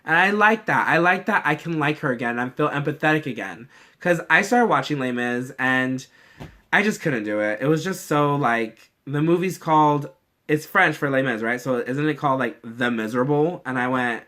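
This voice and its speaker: A man's voice: mid-range voice, lively intonation, moderate pace, pushed and bright. A young man chatting casually in a vlog, gushing and swearing freely as he acts out quoted lines. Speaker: vlogger reacting to a movie trailer. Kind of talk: casual chat.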